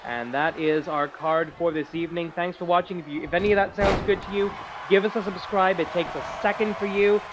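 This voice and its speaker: Excitable high-voiced male wrestling commentator. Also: fairly quick. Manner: excitable, jokey asides. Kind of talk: play-by-play commentary. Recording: loud crowd and noise behind.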